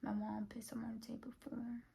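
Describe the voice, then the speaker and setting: A woman's voice: a little high, monotone, fast, creaky, dark tone. A young woman vlogger telling a personal story in a chatty way, full of fillers and often dropping to a half-whisper. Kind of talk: casual storytime vlog.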